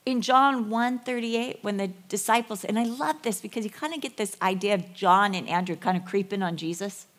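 A middle-aged woman preaching to a women's group, animated and storytelling. Her voice sits at an ordinary pitch for a woman. She slips into little acted voices as she retells scenes. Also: moderate pace, few pauses. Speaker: women's ministry speaker. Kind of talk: sermon with acted-out Bible dialogue.

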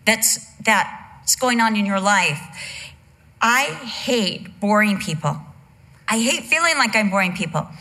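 A woman's voice: a little high, pushed and bright. A middle-aged woman giving a conversational teaching message, candid and humorous, full of asides. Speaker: women's Bible teacher.

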